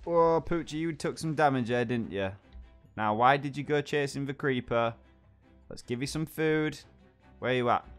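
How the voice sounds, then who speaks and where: A young man chatting excitably as he plays a game, talking to his pet along the way. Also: mid-range voice. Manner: chatty and excitable, talks to his pet dog, exclaims at surprises. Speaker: gaming channel host. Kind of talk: let's play commentary.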